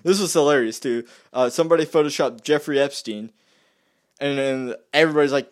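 Speaking a little fast in a mid-range voice, this young male vlogger goes off on a loose political rant, circling back over the same points and ridiculing his opponents.

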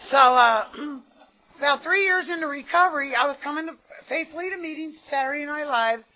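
A woman's voice: sits high, a little fast. An American woman giving an earnest, conversational recovery testimony at a meeting, often saying "you know". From United States. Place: meeting room. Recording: dull lo-fi meeting tape.

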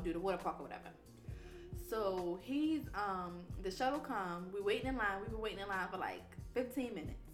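A woman podcast host telling a story in casual, animated chat, swearing freely. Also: medium pitch. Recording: roomy echo.

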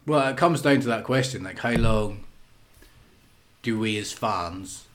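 A man's voice: on the low side, measured pace, fairly bright tone, a little hiss or hum. Blunt, sweary man on a podcast. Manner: blunt, sweary, laughs often, acts out quotes. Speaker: podcast co-host. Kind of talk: casual chat.

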